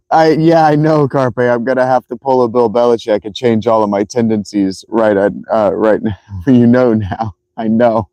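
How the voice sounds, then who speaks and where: A man's voice: fairly low pitch, steady tone, normal speed, warm tone, no room sound. A man in his thirties livestreaming by a fountain, with a worn, strained voice, laughing often and swearing as he chats. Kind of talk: casual livestream chat. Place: outdoors by a fountain.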